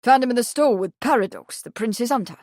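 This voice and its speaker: Woman putting on a gruff old-country stable man, rough and plain-spoken, dry sound. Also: fairly high pitch, expressive, a little fast, darkish tone, dry recording, close to an everyday voice. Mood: gruff, respectful. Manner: rustic country dialect. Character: gruff shaggy-headed male stable hand.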